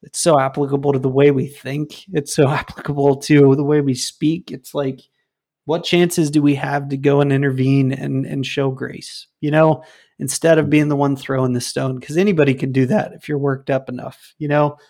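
A man's voice: mid-range voice, level tone, moderate pace, dark tone. A man co-hosting a casual faith discussion, retelling a Bible story in a loose, conversational way with many fillers.

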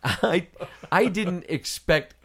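A man's voice: high voice, slow pace, husky. Rambling man telling a story. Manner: rambling, animated anecdote teller, many fillers. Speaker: podcast co-host. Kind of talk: casual chat, storytelling.

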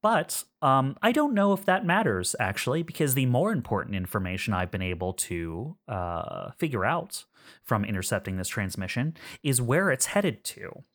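Smug masked woman spymaster, as a man puts her on, teasing, suspense-stretching, halting fillers, mid-pitched. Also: sing-song, fairly bright tone.

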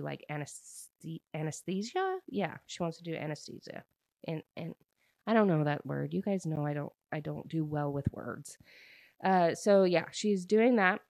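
A young woman talks through a novel's plot for her audience, rambling and full of fillers as she goes. Her voice sits low, and the recording is close and dry with no room sound. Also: a little mellow, no room sound. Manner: chatty, rambling, many fillers and restarts. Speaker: book reviewer. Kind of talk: casual plot recap.

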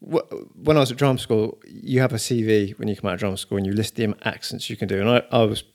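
A man's voice: fairly low pitch, fairly even intonation, quick pace, a little mellow. A man who is a guest comedian, telling self-mocking stories in a casual podcast chat. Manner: storytelling, jokey, self-mocking.

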